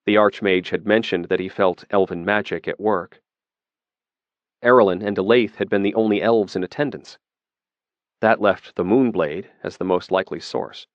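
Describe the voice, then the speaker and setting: A man reading a fantasy audiobook in a steady, measured narration. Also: sits low, no echo, lo-fi sound.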